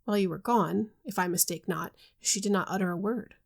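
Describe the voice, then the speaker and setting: A light-hearted young man who teases his friend with wry banter, as a woman reads his lines. The voice has a gravelly, creaky grain. He talks in a bantering way. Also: medium pitch, a little fast. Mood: teasing.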